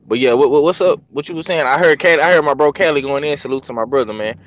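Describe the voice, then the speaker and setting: A man calling into a live stream, relaxed and slangy. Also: on the high side, fast, muffled recording. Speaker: caller. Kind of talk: casual chat.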